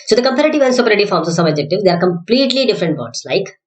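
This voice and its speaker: A woman's voice: mid-range voice, very animated, racing. A woman teaching English grammar, drilling word lists in a sing-song rise and fall and correcting herself as she goes. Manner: self-correcting, thinks aloud. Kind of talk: explanatory grammar lesson. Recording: echoey room.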